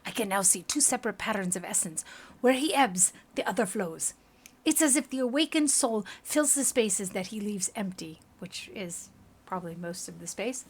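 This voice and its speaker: Woman doing an excited woman scientist. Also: medium pitch, slight background noise, close to an everyday voice. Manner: excited, quick and exclaiming. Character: eager woman scientist peering through a scope. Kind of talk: reading a game aloud.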